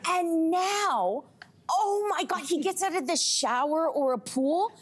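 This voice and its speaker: A woman co-hosting a talk show panel, chatting in an animated, gushing way and laughing often. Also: very high-pitched, normal speed. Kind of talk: casual panel chat. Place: television studio.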